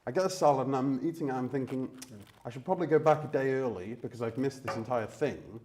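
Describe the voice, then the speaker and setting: A man's voice: medium pitch, quick pace, a little mellow, a little hiss or hum. A man guest on a livestream, telling a rambling anecdote and quoting himself. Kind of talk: casual chat.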